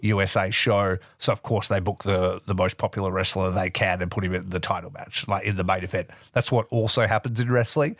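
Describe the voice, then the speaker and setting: A man's voice: low-pitched, a little fast, hardly any pauses, no echo, studio quality. A man co-hosting a casual wrestling podcast, swearing freely and acting out other people's lines with lots of energy. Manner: swears a lot, animated, acts out wrestlers' lines. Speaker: podcast co-host.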